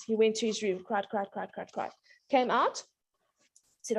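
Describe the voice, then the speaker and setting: Chatty parenting coach woman, higher voice. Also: animated, moderate pace. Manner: warm anecdotal, laughs often, acts out child voices. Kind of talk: casual talk show chat.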